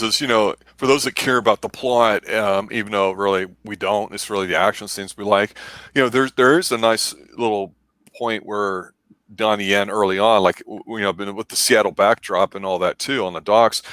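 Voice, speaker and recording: A man with a lowish voice talks casually and with enthusiasm as co-host of a film review show. The sound is dry and close, with little room around it. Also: fairly bright tone, dry recording. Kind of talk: casual chat.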